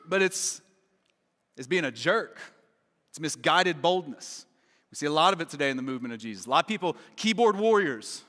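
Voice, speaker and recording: Joking pastor in a reverberant hall. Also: male voice, high voice, very animated, normal speed, sharp tone. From Kentucky. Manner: conversational and joking, lots of "right?" and "man". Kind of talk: casual sermon. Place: large church auditorium.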